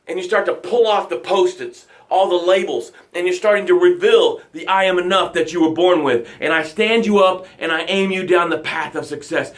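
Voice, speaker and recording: A man hosts a live motivational show in a fairly high voice. He preaches with dramatic, energetic emphasis and chanted phrases. Now and then he slows and sinks to a near whisper to drive a point home.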